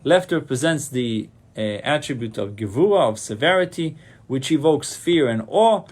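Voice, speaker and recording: A man's voice: medium pitch, expressive, normal speed, darkish tone. A man, a rabbi, giving a Torah lecture, saying Hebrew terms and then translating them, often repeating a phrase to stress it. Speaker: rabbi teaching a class.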